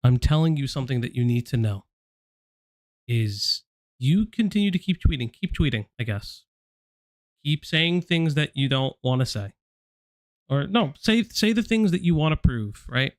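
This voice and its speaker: A man's voice: mid-range voice, sing-song, normal speed, dry recording. A man hosting a livestream, speaking directly to someone in a confrontational, repetitive way. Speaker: stream host. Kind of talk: livestream commentary.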